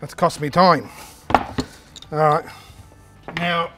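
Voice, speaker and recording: A man's voice: a little high, normal speed, music in the background. A man who jokes and banters while he works on a build. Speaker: show host assembling furniture. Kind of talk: casual chat while working.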